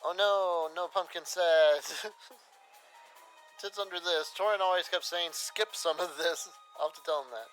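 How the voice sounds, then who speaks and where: A man's voice: sits high, normal speed, a bit bright, faint music behind, poor audio. A man chatting casually and laughing often while streaming a game. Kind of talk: casual gaming stream chat.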